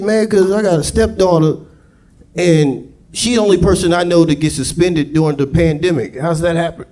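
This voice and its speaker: A young man performing a crude, excitable stand-up set, on a comedy club stage with a handheld mic. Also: on the high side, normal speed. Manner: loud, crude, excitable storytelling. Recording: live club with loud crowd. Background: audience laughing.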